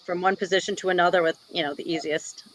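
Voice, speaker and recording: This interview guest, a jiu-jitsu black belt and instructor from Wisconsin, talks quickly in a lowish, steady voice on a low-quality recording. Casual and chatty, she fills her sentences with plenty of "like" and "you know."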